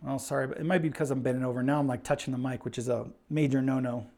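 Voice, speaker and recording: A man with a gravelly, darkish, mid-range voice talks rapid-fire with fairly even intonation as he hosts his craps channel's casual live Q&A stream, thinking aloud between chats. He uses a clip-on mic with a pack indoors, where the room adds some echo.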